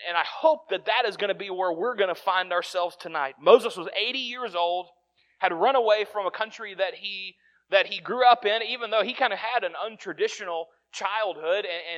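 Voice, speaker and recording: A man's voice: high voice, a bit bright, lo-fi sound. A man preaching a sermon in an earnest, conversational way, often restarting his sentences.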